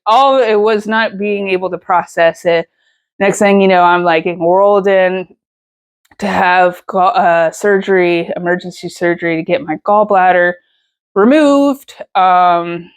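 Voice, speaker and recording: A woman's voice: fairly low pitch, slow, clean tone. A woman, telling a personal story in a casual vlog, emotional and rambling with many fillers and restarts. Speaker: vlogger.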